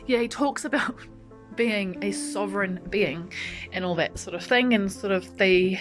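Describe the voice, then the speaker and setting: A woman's voice: mid-range voice, measured pace, rough recording. A woman chatting casually to camera at home, thinking aloud and rambling with lots of ums. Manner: talks to her cat mid-story. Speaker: vlogger. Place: at home in her lounge. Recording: music playing behind.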